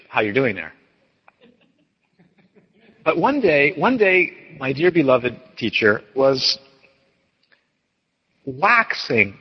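Man teaching an audience, lively storyteller, husky voice, long hall reverb, dull sound. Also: fairly high pitch. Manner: animated, acts out quoted voices. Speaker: dharma teacher.

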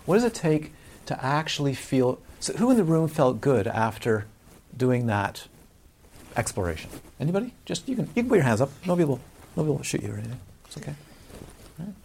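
A man's voice: medium pitch, very animated, fairly quick, vocal fry, darkish tone, husky. A man teaching a Buddhist dharma talk to a live audience, in a conversational way with frequent questions to the listeners.

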